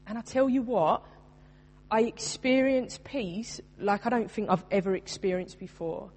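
A woman's voice: on the high side, moderate pace. A woman in her thirties preaching a sermon, earnest and emphatic, mixing scripture with her own story. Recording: long reverb in a large room.

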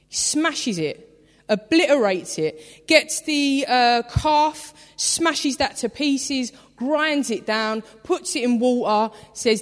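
A woman preaching a sermon in a church, telling the story in a chatty, animated way with lots of "like". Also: high-pitched, slow. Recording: reverberant church hall.

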